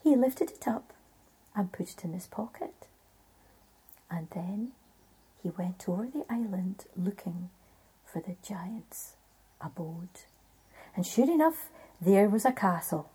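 A woman storyteller with a Scottish accent, telling a folk tale in a hushed, half-whispered way. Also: medium pitch, expressive, slow, pauses often, slightly rough.

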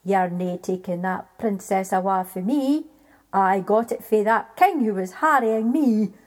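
A woman's voice: lively intonation, unhurried, darkish tone, natural voice. A woman voicing a big blustering male giant with a Scottish accent, in a told folk tale. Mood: menacing. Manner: booming threats, then shrill frantic begging.

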